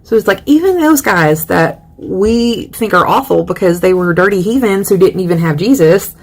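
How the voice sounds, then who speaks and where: A woman giving a chatty, lively lecture on poetry, acting out quoted voices. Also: medium pitch, moderate pace, few pauses. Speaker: literature teacher.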